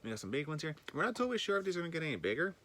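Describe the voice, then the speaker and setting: Shot on a handheld camera, a man just woken up and a bit groggy gives a loose, rambling greenhouse tour for his vlog, swearing now and then. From northern British Columbia, Canada, he talks in casual chat with a slightly high, very animated, racing voice that's fairly bright, plus slight background noise.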